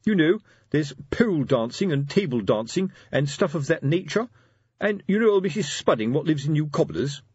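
A man's voice: a little high, sing-song, moderate pace, a little mellow, husky, dry recording, lo-fi sound, voice pushed up. A man voicing a pompous, lecturing middle-aged police sergeant who talks in a fussy, hesitant way.

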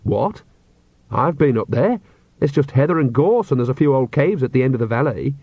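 A man's voice: medium pitch, expressive, moderate pace, slightly rough, dry recording, highs cut off. A man reading aloud and voicing a cheerful, bawdy old witch woman with a blunt, teasing manner. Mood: insistent.

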